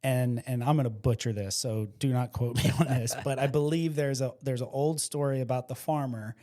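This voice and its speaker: Speaking a little quickly at medium pitch, a man from South Louisiana shares stories as a guest in a casual podcast chat. He's an excitable, animated storyteller who acts out each quote in character.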